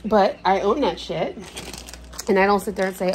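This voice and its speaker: Cooking in her kitchen at home, this vlogger rants casually, cursing without restraint and speaking her mind. Her mid-range voice is expressive with vocal fry at a normal speed, and the background is noisy.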